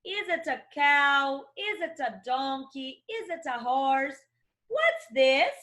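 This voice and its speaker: A woman's voice: sits high, very animated, slow, sharp tone. A young adult woman with a Brazilian Portuguese accent, teaching English to children in an online lesson and spelling words out letter by letter with encouragement.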